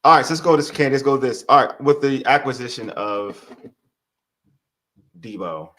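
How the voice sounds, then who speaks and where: A man hosting a casual sports talk show, asking questions in a relaxed, easygoing way and often answering with short agreements. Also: mid-range voice, moderate pace.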